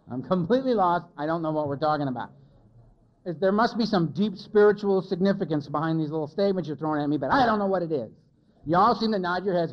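With a fairly high, fairly quick voice, a man addresses a recovery meeting in person, sharing a candid testimony full of self-mockery. The lo-fi recording comes across as dull.

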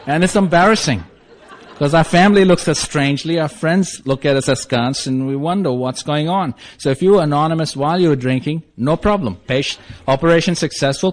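Wry man telling a funny story. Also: on the high side. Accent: non-native English accent. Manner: wry, self-mocking, laughs through lines. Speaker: speaker sharing a recovery story. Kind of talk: humorous personal storytelling.

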